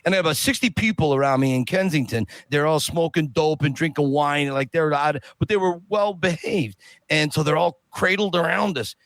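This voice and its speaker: A man guest on a podcast, telling a long story in a casual, animated way and acting out the people in it. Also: fairly high pitch, fairly quick, no echo. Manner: animated, acts out quoted voices.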